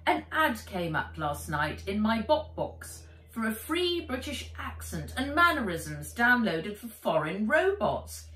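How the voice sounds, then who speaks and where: A woman's voice: fairly high pitch, big pitch swings, takes it slowly, hardly any pauses, sharp tone, reverberant, distant mic, exaggerated voice, rough recording. Fizz, a woman voicing an earnest dragon robot. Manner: mock-formal olde-English speech. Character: male dragon robot, earnest and eager to please.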